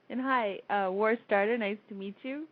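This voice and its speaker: A woman's voice: medium pitch, unhurried, dry recording. A woman hosting a casual call-in internet radio show, chatty and rambling, laughing often. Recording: tinny phone-line sound.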